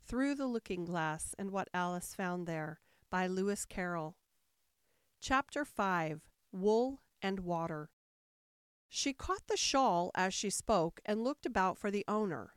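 A calm, measured woman reading a bedtime story aloud in a middle-range voice. The sound is close and dry, with no room around it. She keeps an even storytelling pace. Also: mid-range voice, dry recording. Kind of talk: scripted storybook narration.

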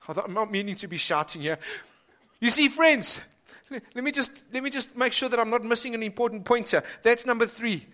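A man's voice: extremely high pitch, brisk. Impassioned male preacher. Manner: impassioned preaching, rising then dropping to hushed emphasis. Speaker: pastor. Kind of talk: sermon. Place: church hall.

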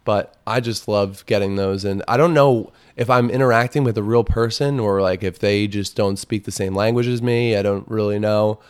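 A man's voice: fairly low pitch, normal speed, hardly any pauses, clean tone. A man hosting a podcast as a casual comedic monologue, rambling and profane, with crude jokes. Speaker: podcast host.

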